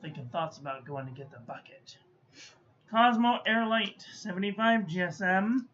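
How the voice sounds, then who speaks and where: A woman's voice: medium pitch, normal speed, fairly bright tone. A woman giving a casual stationery review, muttering to herself and playfully scolding as she goes. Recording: dull lo-fi audio with faint background noise.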